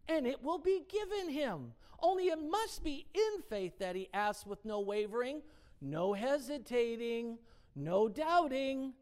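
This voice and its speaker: Somewhat high and darkish in tone, with lively intonation, her voice moves a little slowly. She gives an informal devotional Bible teaching, reading definitions aloud, stressing single words and posing rhetorical questions.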